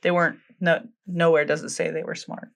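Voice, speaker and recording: A woman's voice: low-pitched, level tone, fairly quick, gravelly. A woman co-hosting a podcast, casually retelling a folktale in a chatty, filler-heavy way, laughing often and acting out the quotes. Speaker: podcast co-host. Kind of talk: casual storytelling chat.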